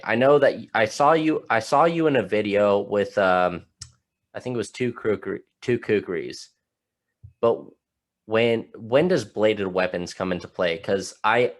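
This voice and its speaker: A man hosting a podcast, asking blunt questions, swearing freely and stumbling over his words. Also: fairly low pitch. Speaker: podcast host. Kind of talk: casual podcast chat.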